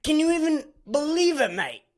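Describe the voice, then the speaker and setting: A man voicing a mocking, exaggerated Australian newsman in a put-on Australian accent, loud and raised in pitch. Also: big pitch swings, moderate pace. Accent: mock Australian. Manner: loud, raised pitch, repeating "governor" and "mate".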